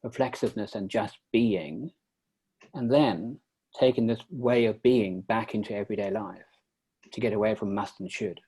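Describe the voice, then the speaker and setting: A man puts a considered question to the author at a slow, deliberate pace. His voice is low and slightly husky. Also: warm tone, rough recording. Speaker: audience member asking a question. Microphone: video call.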